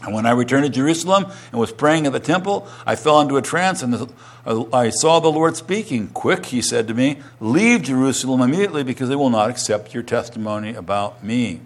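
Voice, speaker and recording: A middle-aged male pastor preaching a sermon, reading scripture aloud and then retelling it with rising, animated emphasis. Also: fairly quick. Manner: animated, rising in pitch and volume when retelling a quoted testimony.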